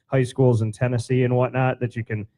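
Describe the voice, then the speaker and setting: Man, talk show host, mellow tone, chatty rambling storyteller, casual. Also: mid-range voice, flat delivery, fairly quick. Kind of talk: casual interview chat.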